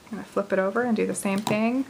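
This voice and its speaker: Woman, forties, casual craft tutorial, chatty, laughs easily, mid pitch, faint noise. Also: steady tone, quick pace, creaky, a little mellow, rough recording. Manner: chatty, laughs easily, thinks aloud while working. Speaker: craft video host. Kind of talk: casual card-making tutorial.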